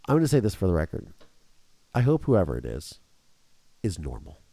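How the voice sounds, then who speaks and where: A man's voice: low voice, wildly swooping pitch, brisk, warm tone, dry recording. A young adult man hosting a podcast, telling an emotional family story in casual chat. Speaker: podcast host.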